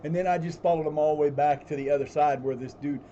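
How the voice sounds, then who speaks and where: A man's voice: a little high, fairly even intonation, fast, warm tone, lo-fi sound, slight background noise. A man casually telling rambling stories during a live stream at home, restarting his sentences and swearing freely. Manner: baby talk to his cat. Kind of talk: casual storytelling while gaming.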